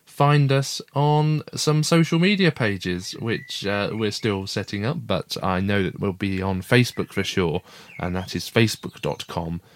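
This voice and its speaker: A man's voice: on the low side, a little slow. A man, co-hosting a casual family podcast in an easygoing way with fillers. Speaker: podcast co-host, father.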